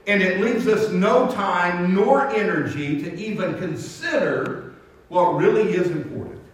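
A man's voice: sits high, unhurried. A male pastor preaching a sermon, telling stories with frequent stammered restarts. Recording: echoey hall, mic from far off.

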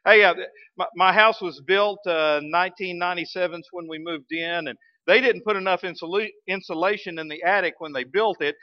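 A man, a pastor telling a story in a sermon, folksy and animated. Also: high-pitched, brisk, dry recording, highs cut off. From Arkansas, US. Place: church sanctuary.

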